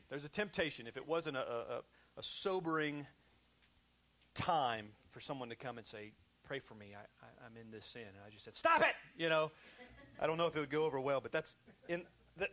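A male pastor preaching a sermon in a conversational way, repeating himself often and swinging between loud emphasis and hushed, quiet stretches. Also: on the high side.

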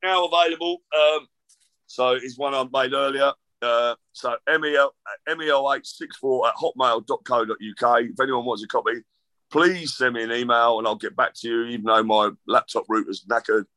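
A man's voice: medium pitch, steady tone, moderate pace, sharp tone, no echo. A middle-aged man, a guest author rambling through casual chat with self-deprecating jokes.

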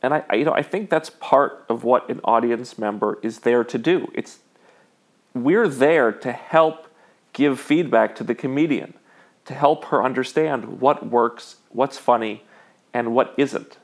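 A man delivering an opinion monologue in a measured, emphatic way, with frequent "you know" fillers. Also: medium pitch.

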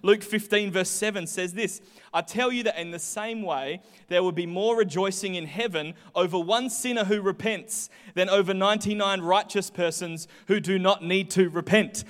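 High-voiced young preacher. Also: male voice, normal speed. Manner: chatty, animated storytelling with voiced asides. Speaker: pastor. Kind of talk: sermon with personal stories. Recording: hall reverb.

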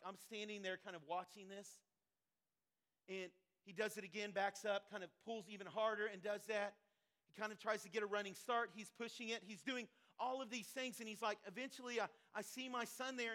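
A man's voice: high-pitched, a bit bright. A man delivering a sermon as a pastor to his congregation, building intensity with repeated phrases.

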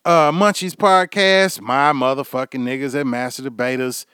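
A man's voice: mid-range voice, steady tone, moderate pace, bright, forceful tone, clean tone, dry recording, clean studio sound. A man hosting his own podcast, rambling through a swear-filled comic rant. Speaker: podcast host. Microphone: podcast microphone.

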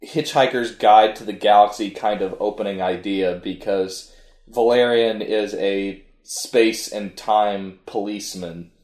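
A man's voice: lowish voice, fairly even intonation, unhurried, darkish tone, reverberant. A man co-hosting a podcast, chatting casually about an anime he tried to watch, rambling and restarting his sentences. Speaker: podcast co-host. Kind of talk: casual chat reviewing an anime.

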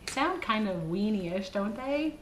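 Bright, giggly woman podcast co-host. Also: mid-range voice, expressive, a little slow. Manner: giggly, playful, lots of fillers. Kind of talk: casual chat. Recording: roomy echo, faint hiss.

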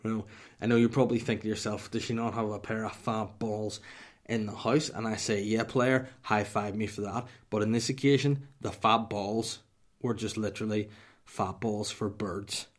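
A man's voice: on the low side, steady tone, normal speed. A young Northern Irish man hosting a podcast, telling a comic story in a sweary, mock-dramatic way and dropping to a whisper for punchlines. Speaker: podcast host.

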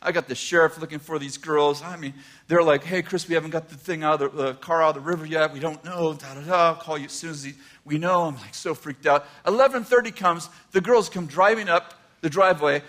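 An older man preaching a sermon, telling a personal story with animated swings from hushed asides to near shouts. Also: a little high, brisk. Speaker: pastor.

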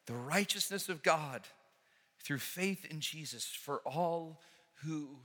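A man preaching a sermon as a pastor, impassioned, swinging from hushed, quiet passages to loud, ringing calls. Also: a little high, expressive, takes it slowly. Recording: long reverb of a large hall.

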